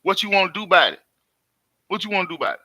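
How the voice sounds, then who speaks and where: A man's voice: high-pitched, very animated, rapid-fire, sharp tone, dry recording. A man hosting his own live stream, talking emphatically and repetitively in casual street talk to his viewers from home. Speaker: host.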